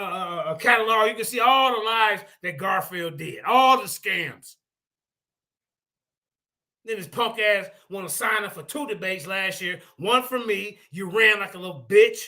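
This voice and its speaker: Brash high-voiced man ranting loudly. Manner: brash, taunting, swings from mutters to shouting. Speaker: debate livestream host. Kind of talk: heated livestream commentary.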